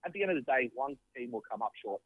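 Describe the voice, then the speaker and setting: A man's voice: medium pitch, expressive, racing, husky, no room sound, phone-quality sound. Man doing a mock sports report. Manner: rattles off sports clichés, laughs in exasperation. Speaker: radio co-host in a comedy sketch as a field reporter. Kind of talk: mock sports-reporter spiel over the phone.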